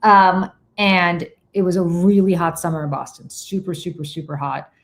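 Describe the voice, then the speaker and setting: A middle-aged woman co-hosting a talk show, telling an animated story with laughs and some swearing. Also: lowish voice, moderate pace. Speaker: podcast co-host. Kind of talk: casual chat.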